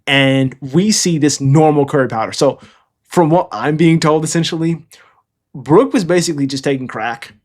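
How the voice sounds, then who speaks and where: A man's voice: fairly high pitch, normal speed, darkish tone. Rambling man recapping a comic chapter. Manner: loose and rambling, tags lines with "all right?" and "okay?". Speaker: manga reviewer. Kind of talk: casual chat retelling a comic chapter.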